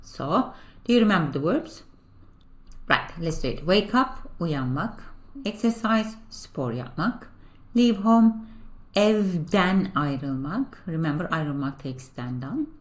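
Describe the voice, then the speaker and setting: A woman teaching a beginner language lesson. She explains patiently, step by step, with a steady run of "so" and "right?", and slows down to model each phrase. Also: low voice.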